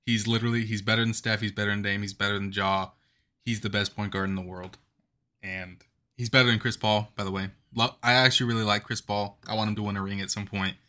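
A man's voice: fairly low pitch, fairly even intonation, fast, pushed and bright. A man in his twenties co-hosting a podcast, talking in a passionate, rambling, emphatic way in casual sports chat. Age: 20s. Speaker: podcast co-host.

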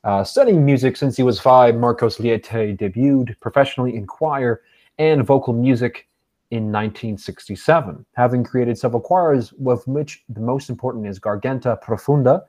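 A man's voice: mid-range voice, moderate pace, dark tone. A man co-hosting a music podcast, reading a composer's bio from notes before telling a folksy joke. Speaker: podcast co-host. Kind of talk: reading an introduction then casual chat.

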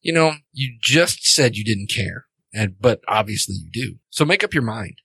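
A flippant, defiant teenage girl who shrugs everything off, as a man puts her on in his own low voice. The sound is dry and close, with no room around it. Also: expressive, moderate pace, vocal fry, sharp tone, slightly rough, no room sound, heavily acted.

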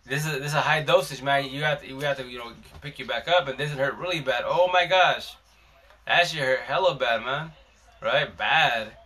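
Male live-stream host, bright tense tone, slangy rambling storyteller. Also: mid-range voice, brisk. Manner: rambling, slangy, frequent restarts. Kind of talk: casual storytelling chat.

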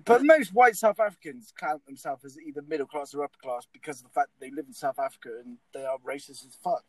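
High-voiced, swearing young man. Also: fast, no room sound, poor audio. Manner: swears a lot, laughs mid-story. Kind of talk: casual chat, comic storytelling.

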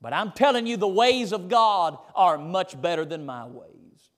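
A man, preaching a sermon in an animated, folksy, emphatic way, recorded in a church sanctuary. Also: high voice, measured pace. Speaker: pastor. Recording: reverberant church hall.

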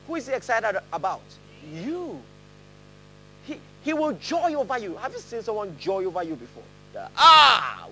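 A man's voice: sits high, breathy edge, rough recording. A man preaching a sermon, laughing often and leading his congregation in reading aloud together. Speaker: pastor. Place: church hall with a congregation.

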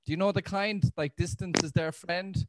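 A man's voice: sits high, steady tone, normal speed, a crowd in the background. An Irish man performing a stand-up set, self-deprecating and loose, often restarting his sentences. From Ireland. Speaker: stand-up comedian.

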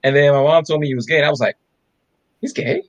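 A podcast co-host tells stories in a relaxed chat, his voice pitched on the high side and racing along over lo-fi sound. He's animated and performs the voices of the people he quotes.

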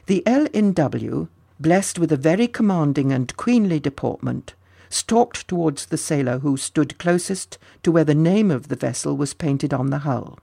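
Gravelly, husky storybook narrator. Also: mid-range voice, expressive, normal speed, dark tone, no echo, studio quality. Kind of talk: storybook reading.

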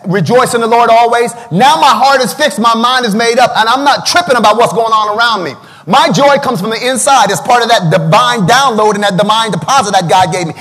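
Male pastor, very high voice, preaching with call-and-response, long hall reverb. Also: brisk, hardly any pauses, a bit bright. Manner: preaching with call-and-response, breaks into singing a hymn. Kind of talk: livestreamed sermon.

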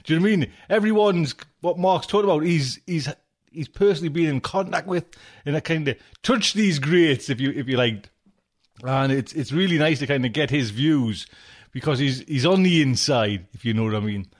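Rambling podcast host, higher voice. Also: male voice, normal speed. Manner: rambling, chatty, with many restarts. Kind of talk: casual chat.

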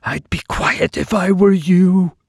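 A man putting on a high, blunt simpleton slave. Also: fairly even intonation, slow, gravelly, breathy edge, no room sound, clean studio sound, exaggerated voice. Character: dull-witted young male slave, blunt and wary. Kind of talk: storytelling podcast reading.

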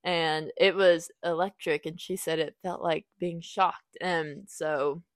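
A young woman hosts a casual podcast book review, retelling the plot slowly in a steady tone, rambling and correcting herself along the way. She acts out quoted lines in a higher voice, and the audio has no echo.

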